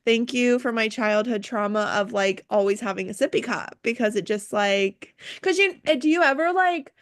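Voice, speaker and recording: A young woman who manages a restaurant speaks at a fairly high pitch and normal speed in a casual group chat. She's an animated storyteller, acting out both sides of the exchanges she describes.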